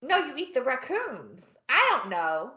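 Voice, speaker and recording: A woman's voice: sits high, huge pitch swings, unhurried, bright, forceful tone. A woman with a Southern American accent co-hosting a podcast in casual, joking chat. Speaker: podcast co-host. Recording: roomy, muffled podcast audio.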